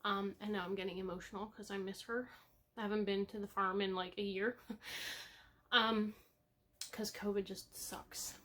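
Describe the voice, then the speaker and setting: Chatty young woman vlogger, rambling and soft. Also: medium pitch, flat delivery, moderate pace, pauses often. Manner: rambling, many ums, gets emotional and laughs softly. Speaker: cross-stitch vlogger. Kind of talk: casual chat to camera.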